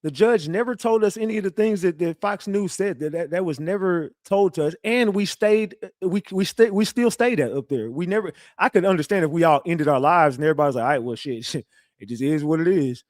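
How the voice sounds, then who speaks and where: A man on a livestream rants loosely at his chat. He stays defensive and boastful, swearing freely and restarting sentences. His voice sits a little high and sounds dry, as if he is right on a close mic. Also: fairly quick, hardly any pauses, no room sound. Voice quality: profane, animated, repetitive restarts. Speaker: livestream commentator. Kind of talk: casual livestream rant.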